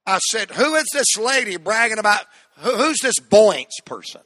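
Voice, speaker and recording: A man's voice: sits high, very animated, moderate pace, no echo, studio quality. A man pastor, preaching a sermon and calling the congregation to repeat words after him. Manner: call-and-response preaching, rising to shouts.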